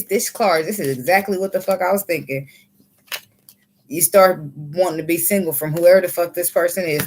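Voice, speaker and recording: A woman giving a casual tarot reading, blunt and preachy, swearing freely. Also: on the low side. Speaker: tarot reader. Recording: faint background noise.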